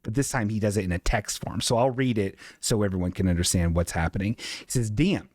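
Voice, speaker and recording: A man's voice: lowish voice, darkish tone, no echo, studio quality. Rambling, profane male stream host. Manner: loose, rambling, profane, quick to laugh. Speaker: host of a live comedy stream. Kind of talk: rambling casual chat.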